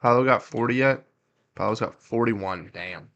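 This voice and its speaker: A young man hosting a casual livestream watch-along, reacting to plays and talking with his chat in quick, excitable bursts. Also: mid-range voice, gravelly, lo-fi sound. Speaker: livestream host. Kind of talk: casual live game commentary.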